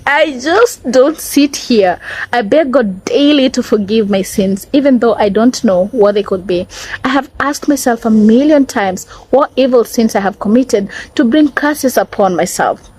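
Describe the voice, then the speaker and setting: A woman's voice: fairly high pitch, darkish tone, breathy edge, low-quality recording. A woman voicing a bitter, scolding older Nigerian mother in a Nigerian accent, reading dramatically from a book. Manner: reproachful, preachy, cutting.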